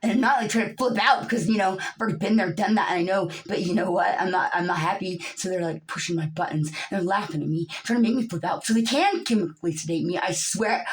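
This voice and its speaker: A woman with a somewhat low-pitched voice delivers a profane, angry monologue to her camera. She drops into low muttering, then climbs into loud yelling, and she sounds upset throughout. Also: quick pace, hardly any pauses, poor audio. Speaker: vlogger.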